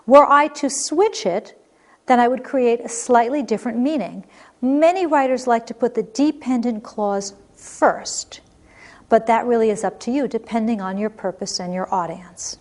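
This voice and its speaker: A woman teaching a recorded grammar lesson, explaining clearly and patiently. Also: a little high, moderate pace.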